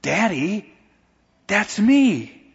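A man voicing a frightened young boy who pleads in a high, strained voice. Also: big pitch swings, extremely slow, creaky, breathy edge, exaggerated voice. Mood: pleading. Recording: echoey hall, dull lo-fi sound.

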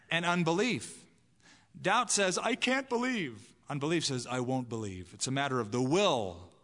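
A man's voice: a little high, pushed and bright, in a large hall. A man preaching a sermon in a conversational way, acting out the voices he quotes. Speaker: pastor.

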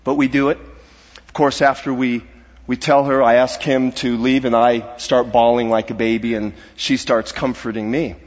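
A middle-aged man telling a personal story in a sermon, earnest and halting, his voice dropping to a hush at the grave parts. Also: medium pitch, little pitch movement, slight background noise. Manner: earnest, halting, dropping to a hushed voice at serious moments. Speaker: guest speaker. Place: church sanctuary. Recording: dull reverberant hall sound.

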